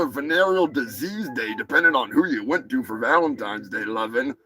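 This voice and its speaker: Gravelly, lively man hosting a crude stream. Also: medium pitch, fairly quick, hardly any pauses, low-quality recording. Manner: profane, rambling, jokey, shouts greetings to chatters. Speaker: live show host. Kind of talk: crude casual livestream banter. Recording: music playing behind the voice.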